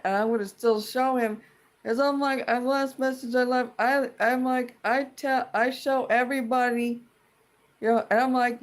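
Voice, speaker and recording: A woman's voice: fairly high pitch, fairly even intonation, normal speed. A woman ranting in a casual vlog, profane, rambling and indignant as she vents like a fed-up tenant. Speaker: tenant venting about a dispute.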